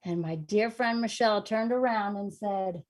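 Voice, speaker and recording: A woman from New York telling a funny personal story on stage, lively and self-mocking, swinging from hushed to loud. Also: medium pitch, normal speed. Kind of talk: humorous personal storytelling performance.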